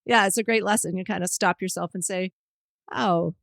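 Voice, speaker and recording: A woman's voice: medium pitch, steady tone, quick pace, gravelly, fairly bright tone, no room sound, studio quality. A woman podcast host, a veterinarian, chatting in a friendly way and laughing easily. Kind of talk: casual conversation.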